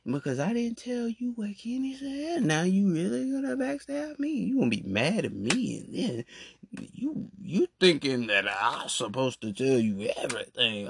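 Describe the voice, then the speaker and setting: A man's voice: a little high, moderate pace, vocal fry. A young adult man, hosting a solo podcast and ranting animatedly about friends who did him wrong. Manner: animated, repetitive, calling people out. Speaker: podcast host.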